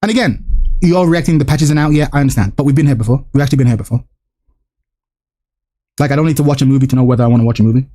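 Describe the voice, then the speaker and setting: A man's voice: mid-range voice, rapid-fire, pauses often, mellow. A man hosting a live stream, ranting in exasperation and swearing as he talks with a guest. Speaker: streamer host. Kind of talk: casual live-stream chat.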